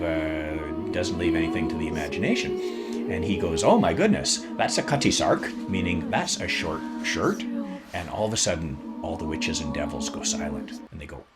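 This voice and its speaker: A man hosting a podcast, explaining and retelling in a casual, jokey way, jumping up in pitch for emphasis. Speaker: podcast host.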